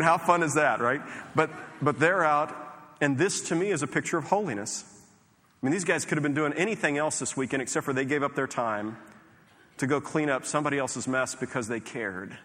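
A man's voice: mid-range voice, normal speed, bright, forceful tone. A male pastor preaching a sermon in an earnest, conversational way, often restarting his phrases. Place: large church sanctuary. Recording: long hall reverb.

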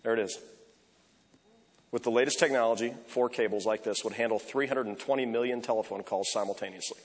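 A man preaching a sermon as pastor, conversational, softly repeating short prayer phrases. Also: mid-range voice, fairly quick, breathy edge. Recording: echoey hall reverb.

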